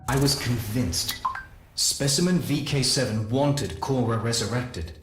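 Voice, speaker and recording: Solemn man narrating lore in a roomy echo. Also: medium pitch. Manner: measured, solemn storytelling with slow deliberate pauses. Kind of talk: dramatic first-person lore reading. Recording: roomy echo with faint hiss.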